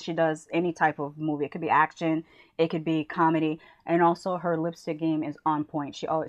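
An American woman who reviews movies chats in a casual, enthusiastic way and gives shout-outs to other channels. Her voice is deep, and the muffled recording has no room sound.

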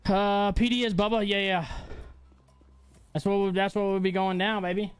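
A man's voice: high-pitched, fairly even intonation, moderate pace, clean tone, no room sound. A young man livestreaming a game, chatting playfully with his audience and his baby son, with faint music behind him. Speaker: livestreamer and father. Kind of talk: casual gaming livestream chat.

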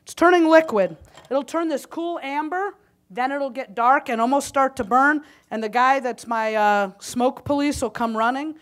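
A woman's voice: high voice, normal speed. A woman giving a live cooking demonstration at a conference, chatty and joking with the audience as she cooks, a little winded. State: slightly winded. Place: conference hall kitchen stage.

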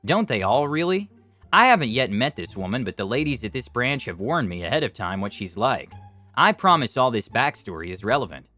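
A man narrating online stories in a scripted, expressive storytelling style. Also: medium pitch, a little fast, faint music behind.

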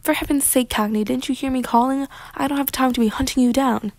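A woman's voice: mid-range voice, fairly even intonation, brisk, darkish tone, dry recording, natural voice. A woman voicing a snooty, impatient rich woman who owns a grand garden, speaking sharply. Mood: imperious.

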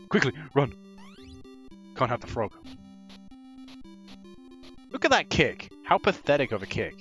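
A man giving excitable first-impressions commentary while playing an old console game, swearing and yelping at enemies. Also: medium pitch, unhurried, pauses often, faint music behind. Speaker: gaming channel host. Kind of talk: let's play commentary.

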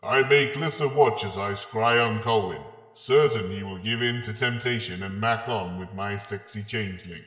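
A man's voice: on the low side, moderate pace, few pauses, a bit bright, roomy sound, big-room sound. A man co-hosting a comedy podcast, gleefully narrating an outrageous villain's scheme. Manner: gleeful, playfully villainous storytelling. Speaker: podcast co-host.

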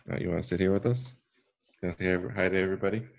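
A man reading a graphic novel aloud to children as a guest reader, with relaxed, chatty asides. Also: sits low, rapid-fire, vocal fry.

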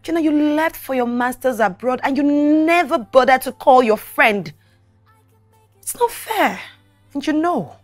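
An actress playing a sick pregnant young wife, weak and breathy. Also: female voice, sits high, unhurried, faint music behind. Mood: excited. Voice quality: lively on the phone, weak and whispery when ill.

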